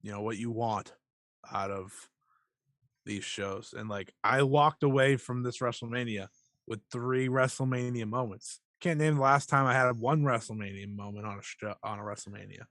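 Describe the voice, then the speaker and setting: A man co-hosting a casual wrestling podcast, talking excitedly and swearing freely. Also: medium pitch, moderate pace, dry recording, clean studio sound. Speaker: podcast co-host.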